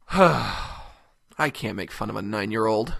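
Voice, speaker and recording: A man's voice: on the low side, lively intonation, slow, creaky, a bit bright, no room sound, clean studio sound, exaggerated voice. A man voicing a crude, short-tempered cartoon host who mocks everyone in an abrasive tone. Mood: scornful. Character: foul-mouthed, contemptuous cartoon man host. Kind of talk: comedic web cartoon voice acting.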